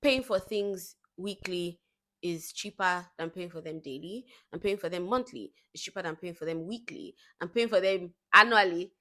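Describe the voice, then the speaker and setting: A woman's voice: fairly low pitch, moderate pace, sharp tone. A young woman vlogging in a casual chat to the camera, telling stories with laughing asides. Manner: chatty storytelling with laughing asides.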